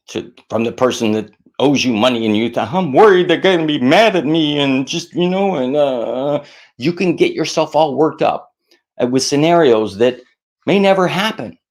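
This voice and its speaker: A middle-aged man giving casual stress-management advice to camera, animated and self-mocking, acting out worried voices in a higher pitch. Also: normal speed.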